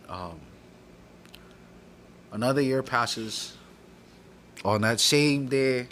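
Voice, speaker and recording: A man's voice: mid-range voice, fairly bright tone, a little hiss or hum. A middle-aged man from Hawaii telling a personal story, heated and profane, acting out the dialogue. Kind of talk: personal story told aloud.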